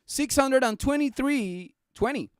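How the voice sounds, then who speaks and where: A young man hosting a casual stock market live stream, excitable and jokey, chatting straight to his viewers. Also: very high-pitched, a little slow, clean tone, dry recording, clean studio sound.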